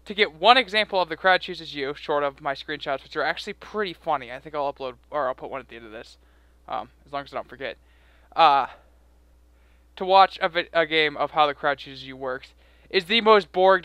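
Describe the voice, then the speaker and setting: A man's voice: a little high, a little fast, bright, forceful tone, clear, resonant tone, dry recording. A young man out of breath, giving rambling, self-correcting casual commentary on a game. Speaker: game video creator.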